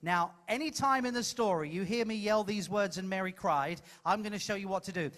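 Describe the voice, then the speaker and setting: A man's voice: sits high, brisk, a bit bright. A man hosting a live comedy show, coaching a volunteer from the audience with playful, teasing patter on a cruise ship stage.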